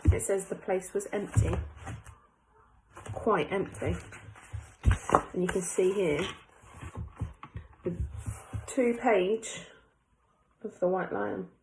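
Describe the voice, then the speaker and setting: A woman's voice: mid-range voice, slow, long pauses, background noise. A young woman teacher reading a class book aloud, stopping to ask her pupils questions in a chatty way. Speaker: primary school teacher.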